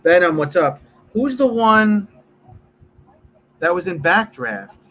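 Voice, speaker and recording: A man's voice: high voice, sing-song, slow pace, bright, forceful tone, low-quality recording. A man live streaming, chatting casually with viewers in a rambling, profane way.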